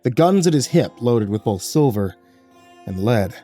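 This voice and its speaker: A man's voice: medium pitch, lively intonation, measured pace, dark tone, faint music behind. A man reading a horror story aloud in a dramatic storytelling manner. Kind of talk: scripted horror narration.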